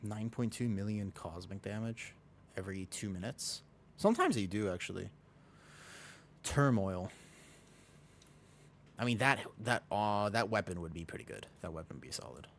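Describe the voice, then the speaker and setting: A man with a low voice chats casually on a game stream. He rambles and mocks himself, often restarting his sentences and breaking into laughs. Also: animated, moderate pace, long pauses, a little hiss or hum. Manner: rambling, self-mocking, many restarts and laughs. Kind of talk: casual live-stream chat while gaming.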